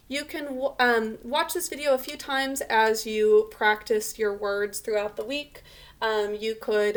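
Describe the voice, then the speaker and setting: A woman teaching a remote spelling lesson to children, patiently sounding out words letter by letter. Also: a little high.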